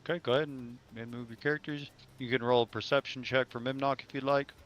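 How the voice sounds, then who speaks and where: A man's voice: medium pitch, fairly even intonation, fast, fairly bright tone, highs cut off. A man narrating as game master of a tabletop game, describing passages in a rambling, self-correcting way.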